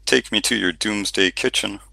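A man's voice: lowish voice, moderate pace, vocal fry, bright, forceful tone, no echo, exaggerated voice. A man reading the lines of a bubbly, joking young woman in an audiobook. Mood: playful. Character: lively young woman, playful and hungry.

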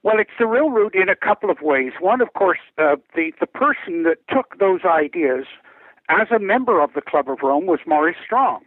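An older man speaking as a guest over the phone, explaining things deliberately and often repeating words as he restarts. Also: sits high, animated, breathy edge, dry recording. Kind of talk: phone interview, recounting and explaining. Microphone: telephone. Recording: tinny phone line.

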